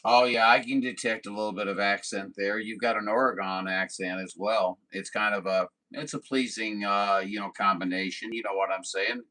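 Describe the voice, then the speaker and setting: A man from southern Missouri chats over a sideband radio in a low voice with a bright, forward edge. He talks in a folksy, easygoing way, apologizing often and filling pauses with plenty of ums and uhs. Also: fairly even intonation, poor audio. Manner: folksy and apologetic, with many fillers. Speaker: CB radio operator. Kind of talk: casual radio chat.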